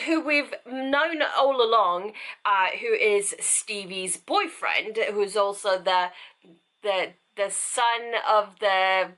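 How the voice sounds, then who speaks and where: A woman's voice: fairly high pitch, sharp tone. A woman chatting casually about books in a rambling way, often breaking off and restarting her sentences. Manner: rambling, chatty, self-interrupting. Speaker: book vlogger. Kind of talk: casual book review chat.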